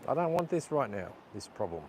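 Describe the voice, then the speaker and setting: A man's voice: mid-range voice, big pitch swings, a little fast. A man, live-streaming by the sea while struggling with his camera gear, frustrated and swearing often at it while apologizing to viewers. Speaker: vlogger. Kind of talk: live vlog while fixing a camera gimbal. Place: outdoors by the sea. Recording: outdoor noise with passing vehicles.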